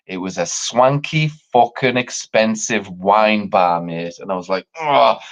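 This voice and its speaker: A podcast host, animated and swearing freely, tells a story in casual conversation and acts out other people's words with big jumps in pitch. His voice ranges widely from low to high, and the stream audio sounds dull and lo-fi.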